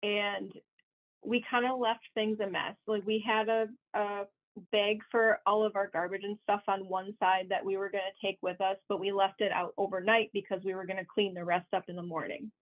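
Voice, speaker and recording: A woman's voice: medium pitch, flat delivery, moderate pace. A young woman from Wisconsin telling a story as a guest, chatty, laughing often and full of fillers. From Wisconsin, USA. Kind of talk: casual storytelling. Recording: tinny phone-like line.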